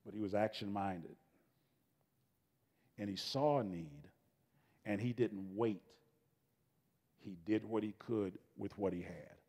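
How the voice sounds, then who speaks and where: A man's voice: on the low side, slow pace, long pauses. Folksy middle-aged man in a reverberant hall. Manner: folksy, animated, self-interrupting, casual grammar. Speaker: guest speaker. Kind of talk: storytelling talk to students. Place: school event space.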